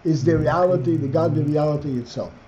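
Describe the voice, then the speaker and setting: Rabbi reading and explaining a text. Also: male voice, on the high side, warm tone, slight background noise. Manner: reads Hebrew phrases slowly, then explains in English. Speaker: rabbi teaching a class. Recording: dull lo-fi class recording.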